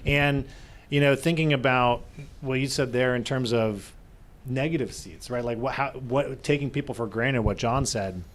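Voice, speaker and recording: An earnest man co-hosting a live podcast conversation. His voice sits at a middle pitch, and he slips into quoted voices as he retells stories. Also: moderate pace. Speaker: podcast co-host.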